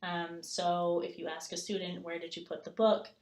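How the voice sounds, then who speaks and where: A woman's voice: on the low side, little pitch movement, normal speed, darkish tone, roomy sound. A woman giving a recorded class presentation, explaining step by step with frequent "um" fillers and reading example sentences aloud. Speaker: student presenter.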